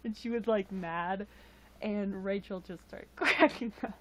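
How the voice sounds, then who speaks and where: A woman's voice: mid-range voice, measured pace, a bit bright, highs cut off. A tired woman chatting casually with live-stream viewers, rambling with frequent chuckles and fillers into a webcam mic. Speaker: livestream host.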